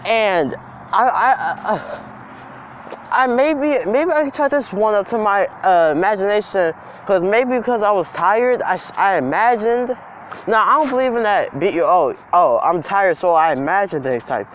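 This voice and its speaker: A young man with a high voice tells a story outdoors in the cold, rambling and emphatic. Faint traffic and street noise sit behind him. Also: lively intonation, a little slow, fairly bright tone. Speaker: vlogger. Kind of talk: storytime vlog.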